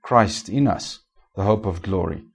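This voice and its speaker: A man preaching a sermon as pastor, asking the congregation rhetorical questions and swinging between raised and hushed delivery. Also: low-pitched, unhurried, creaky, slightly rough.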